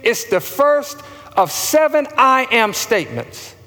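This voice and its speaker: A high-pitched man delivers a sermon at an unhurried pace. He stresses his words and has listeners echo phrases back. His voice carries a long reverb of a large hall. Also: wildly swooping pitch, sharp tone. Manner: slow, emphatic preaching with call-and-response. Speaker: pastor.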